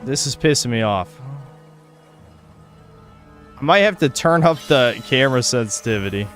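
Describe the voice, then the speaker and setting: A man's voice: mid-range voice, animated, normal speed, a bit bright, soft background music. A young man streaming a video game, talking to himself, swearing and getting frustrated with the controls. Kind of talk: live gameplay commentary.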